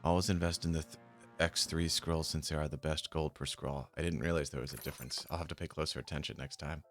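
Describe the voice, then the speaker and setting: Talking quickly in an extremely low, fairly even voice, a man live-streams a game while checking his options trades. He's casual but mutters and swears when annoyed, and faint music plays in the background.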